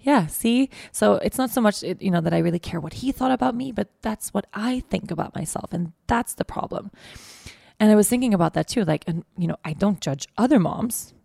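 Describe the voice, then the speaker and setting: A woman's voice: medium pitch, expressive, fairly quick, gravelly, warm tone, no echo, studio quality. A woman in her thirties hosting a podcast, telling a personal story in a candid, rambling way with many fillers. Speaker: podcast host.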